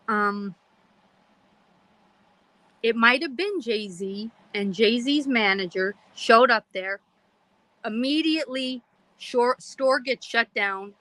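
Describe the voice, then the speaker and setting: A middle-aged woman from Pennsylvania, hosting a podcast and telling a story in a casual, animated way, quoting herself and others and laughing often. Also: fairly high pitch, no echo, low-quality recording. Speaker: podcast host.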